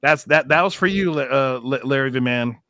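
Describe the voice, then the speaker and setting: A man's voice: mid-range voice, fairly quick, pushed and bright, slight background noise. A man chatting playfully on a Christian livestream panel, joking and often trailing off mid-thought. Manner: jokey, playful, trails off and restarts. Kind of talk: casual chat.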